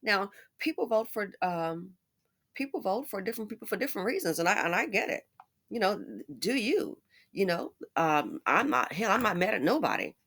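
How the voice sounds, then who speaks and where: A woman giving a casual commentary monologue in a conversational way, with animated asides. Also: medium pitch, normal speed. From United States. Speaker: commentary YouTuber.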